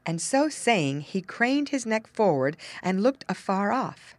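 A woman narrating a fable in a clear, expressive reading voice. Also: medium pitch, measured pace, dry recording. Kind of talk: scripted storybook narration.

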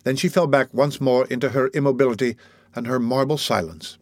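A man narrating a classic novel as an audiobook, in measured, dramatic storytelling. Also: mid-range voice, steady tone, no room sound, studio quality.

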